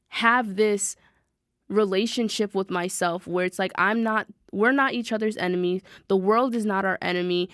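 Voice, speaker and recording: A woman's voice: medium pitch, clear, resonant tone, no room sound, studio quality. Chatty young woman. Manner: animated, chatty, repeats phrases, addresses listeners as "y'all". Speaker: podcast host. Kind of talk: casual motivational monologue.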